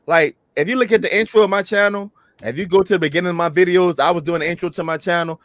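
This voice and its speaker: A man's voice: high-pitched, fast, fairly bright tone, dry recording, clean studio sound. A man, a YouTuber co-hosting a casual chat, talking in an emphatic, hyped-up motivational way. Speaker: YouTuber and co-host.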